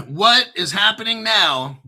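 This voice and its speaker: Hyped, high-voiced, profane crypto host. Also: male voice, bright, forceful tone. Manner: profane, joking, hyped, often clears throat. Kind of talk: excitable commentary reading crypto news.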